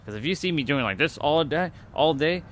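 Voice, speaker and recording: A man's voice: fairly high pitch, animated, a little fast, fairly bright tone. A man hosting a livestream, talking to his chat in a loose, rambling way, with lots of fillers and casual swearing. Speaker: livestream host.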